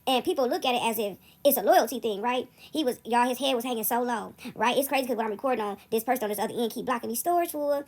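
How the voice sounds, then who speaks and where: A woman telling a story to her viewers in a casual, animated way, checking in with "right?" after almost every point. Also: a little high, fast, hardly any pauses. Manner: animated, keeps asking "right?". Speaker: vlogger. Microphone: phone recording app.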